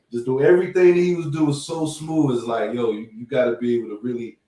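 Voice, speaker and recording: A man's voice: medium pitch, fairly even intonation, fairly quick, warm tone, distant mic. A man co-hosting a casual talk show, speaking loosely in slang and repeating words as he gets going. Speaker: co-host and instructor. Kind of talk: casual chat. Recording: echoey room, off-mic.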